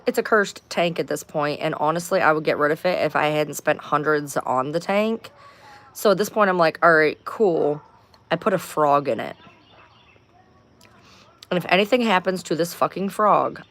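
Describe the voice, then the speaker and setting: A woman with a fairly low voice chats casually to her viewers on a home livestream. She rambles, curses freely and sounds fed up. She seems to be talking into a webcam or phone. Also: creaky, a bit bright. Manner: rambling, profane, exasperated. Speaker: livestream host.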